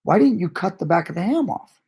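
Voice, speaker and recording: A man with a gravelly, husky voice quoting a bewildered son at a holiday dinner who keeps asking why the ham looks wrong, raising his pitch as he does it. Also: expressive, brisk, darkish tone, heavily acted. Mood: puzzled. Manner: bewildered, insistent questioning.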